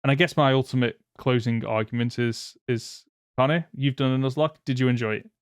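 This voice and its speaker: A man's voice: medium pitch, fairly even intonation, a little fast, smooth, no echo, studio quality. A man hosting a podcast, making a casual argument with many restarts and fillers. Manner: rambling, restarts often, laughs easily. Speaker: podcast host. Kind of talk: casual debate.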